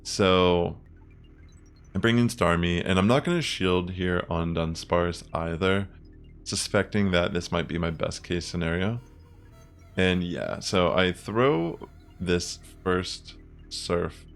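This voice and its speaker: A young man talks through his game matches in a casual, thinking-aloud way. His voice sits low with a gravelly fry. Faint music plays underneath. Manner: relaxed, chatty, thinks aloud with fillers. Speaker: gaming content creator. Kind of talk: casual gameplay commentary.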